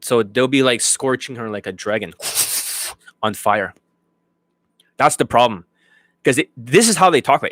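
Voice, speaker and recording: A man's voice: mid-range voice, animated, normal speed, long pauses, a bit bright, no room sound. A man working as a dating coach, ranting bluntly and profanely to his students. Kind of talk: unscripted monologue to students.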